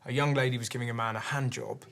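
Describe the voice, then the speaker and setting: A man hosting a comedy chat, giggling through quick banter and reading out questions. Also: medium pitch, fairly even intonation. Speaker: host. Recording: noisy recording.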